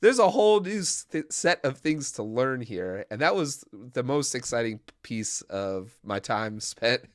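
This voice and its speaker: A man's voice: medium pitch, animated, measured pace, few pauses, no echo, clean studio sound. A man co-hosting a casual web development livestream, rambling with frequent laughs, fillers and restarts. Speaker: co-host.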